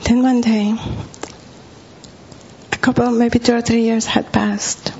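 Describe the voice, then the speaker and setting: A woman's voice: a little high, flat delivery, slow, mellow. A woman preaching in a storytelling style, acting out the lines she once said. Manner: vivid storytelling, acting out her own quoted words. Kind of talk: sermon storytelling. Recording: dull lo-fi recording with faint hum.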